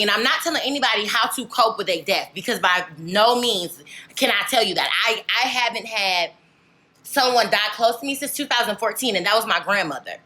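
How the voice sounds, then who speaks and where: A woman's voice: a little high, animated, fairly quick, bright, forceful tone. A young woman vlogger chatting candidly to camera, rambling and filling with "like" and "legit". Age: young adult. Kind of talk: casual chat to camera.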